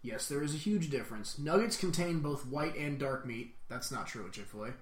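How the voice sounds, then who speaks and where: Guy cohosting a podcast, jokey, gets loud, echoey room. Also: on the high side, lively intonation, a little fast. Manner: joking, loud bursts. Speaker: podcast co-host. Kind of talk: casual chat.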